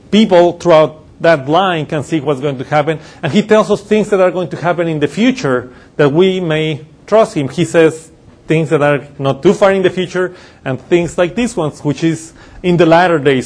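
A man preaching a sermon, explaining scripture in a loose teaching way with pauses and self-corrections. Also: on the high side, darkish tone. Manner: uses slides while teaching.

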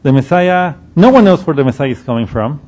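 A man's voice: a little high, expressive, fairly quick, darkish tone. A man teaching through a Bible passage in a conversational, explanatory way. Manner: conversational, explanatory, with frequent restarts and ums.

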